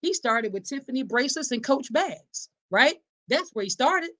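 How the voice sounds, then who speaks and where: A woman's voice: high-pitched, expressive, normal speed, pushed and bright. A woman hosting a live podcast speaks. She delivers each point with firm, preacher-like emphasis, talking straight to her audience and answering their comments as they come in. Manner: emphatic and preacherly, addressing listeners as y'all and reading live comments. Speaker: podcast host. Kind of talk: live-streamed advocacy talk.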